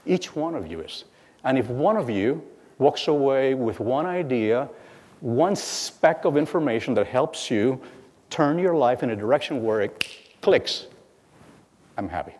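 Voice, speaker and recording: A middle-aged man giving a lecture as guest speaker, telling stories with halting repeats and acting out bits of dialogue. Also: mid-range voice, animated, darkish tone, slight background noise. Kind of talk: lecture storytelling. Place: lecture hall. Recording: long hall reverb.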